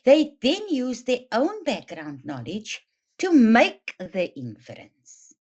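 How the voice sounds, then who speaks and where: A woman leads a teacher training webinar, speaking slowly and with deliberate emphasis. Her pitch rises and falls in a lively way as she reads aloud and explains. The audio is dull and lo-fi, as over an online call. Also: breathy edge. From South Africa. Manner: slow, deliberate, emphatic delivery addressing teachers. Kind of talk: instructional webinar with read-aloud demonstration. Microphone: online webinar mic.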